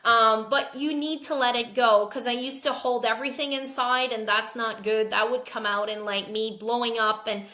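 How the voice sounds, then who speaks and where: A woman's voice: on the high side, fairly even intonation, normal speed, few pauses, bright, forceful tone, reverberant. A woman talking candidly to her team in a casual live video, tired and jet-lagged, often repeating words as she thinks. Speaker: network marketing team leader.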